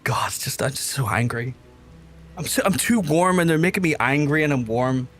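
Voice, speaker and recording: A man's voice: a little high, normal speed, fairly bright tone, faint music behind. Ranting, swearing male game streamer. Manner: angry, profane ranting. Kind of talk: casual live-stream chat.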